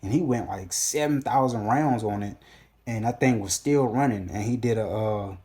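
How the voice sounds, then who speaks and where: A man with a lowish, mellow voice talks through a loose storytime recap. His speech is casual and profane, and he often stops to hunt for words and restart. It sounds like a relaxed solo monologue. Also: normal speed. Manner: casual, profane, hesitant with many fillers and restarts. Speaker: gun channel host.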